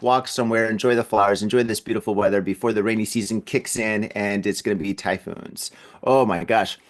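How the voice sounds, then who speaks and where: A man hosts a relaxed podcast from home, speaking at a middle pitch. He rambles along in an easygoing, chatty way and often doubles up on words as he goes. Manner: rambling and chatty, with frequent word repeats. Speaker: podcast host. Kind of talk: casual podcast chat.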